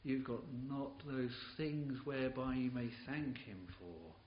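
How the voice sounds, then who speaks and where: Slow, impassioned preacher in an echoey church. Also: male voice, medium pitch, expressive. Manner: impassioned, halting with repeated words. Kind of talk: sermon. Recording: dull, hissy, roomy old tape recording.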